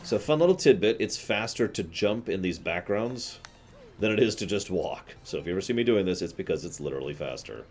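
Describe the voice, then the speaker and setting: A man's voice: low-pitched, animated, fairly quick, darkish tone, soft background music. A man streaming a video game, giving casual commentary with chatty, offhand asides.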